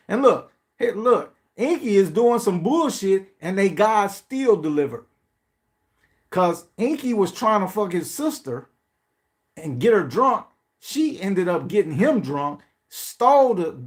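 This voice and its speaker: In a high-pitched voice, a male podcast host rambles through a casual monologue laced with profanity. He alternates between sarcastic pleading impressions and blunt side comments.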